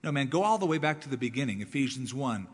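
A man's voice: medium pitch, lively intonation, quick pace, slightly rough. Emphatic man preaching in a hall. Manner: emphatic, repeats words for stress, shifts between loud and soft. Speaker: pastor. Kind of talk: sermon.

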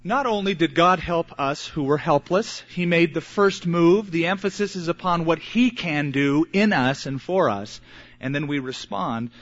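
An older man in his sixties preaching a sermon as pastor, earnest and emphatic with dramatic pauses. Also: a little high. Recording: muffled lo-fi recording.

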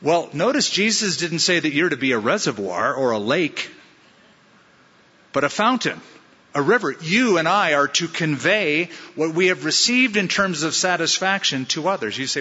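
A male pastor preaches with a bright, forceful, slightly husky voice, hammering points home through repetition and rhetorical questions. His sermon rings with the long reverb of a large church hall, and the recording sounds a bit dull. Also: a little high, expressive, measured pace. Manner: emphatic, punchy repetition and rhetorical questions to the congregation. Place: church sanctuary.

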